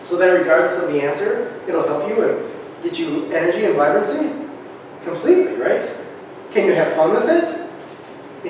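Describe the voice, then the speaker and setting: A man giving a lively workshop talk to a live group, often checking in with "right?", recorded on a distant camera. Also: sits high, moderate pace, pauses often, a little hiss or hum. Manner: energetic, keeps asking "right?". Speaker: presenter. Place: large echoey room. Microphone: camera far from speaker. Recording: echoey hall, distant camera.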